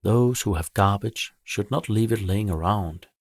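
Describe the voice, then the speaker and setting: A man voicing a tired, grumpy female owl in a storybook, speaking slowly with a mumble. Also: lowish voice. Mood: weary, gruff. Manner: slow, mumbling, scornful.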